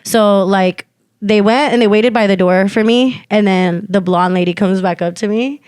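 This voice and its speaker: A woman's voice: medium pitch, normal speed, smooth, dry recording, studio quality. A young woman co-hosting a podcast, telling a story in loose casual chat, full of fillers and swearing. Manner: loose, filler-heavy, swears freely, acts out quotes loudly. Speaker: podcast co-host.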